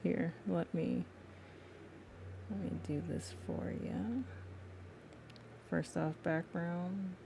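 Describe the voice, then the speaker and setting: Young woman artist on a live stream, low voice, slow easy talk, chatty with viewers, faint hiss behind. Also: fairly even intonation, creaky. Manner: chatty, laughs often, speaks to viewers as y'all. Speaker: livestreaming artist. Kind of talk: casual chat while drawing live.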